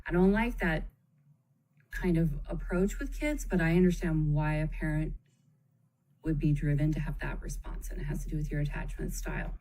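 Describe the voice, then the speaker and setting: Walking viewers through a parenting chart on a live stream, this woman speaks in a mellow, lowish voice. She stays conversational, pauses for "okay?" check-ins, and talks about kids with gentle warmth, calling them "kiddo". Audio is poor, with slight background noise.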